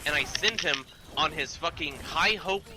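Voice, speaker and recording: A man's voice: on the high side, normal speed. Man ranting casually over background noise. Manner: profane rambling, many fillers. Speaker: storyteller. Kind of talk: casual story time.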